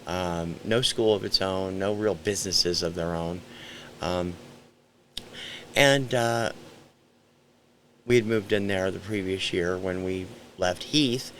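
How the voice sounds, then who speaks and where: Deep, gravelly man in his sixties from central Ohio; loose, hesitant first-person storytelling. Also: takes it slowly, pauses often, fairly bright tone, slight background noise. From central Ohio, USA. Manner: rambling and hesitant, frequent ums and self-corrections. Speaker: storyteller recounting a memory.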